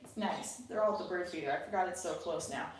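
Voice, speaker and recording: This woman's voice is on the low side and she talks fast while running an online tap dance class from a home room beside a window, birds audible outside. Chatty, she counts beats aloud and often checks in with students. It's very noisy: an echoey room, distant mic, loud taps and birdsong.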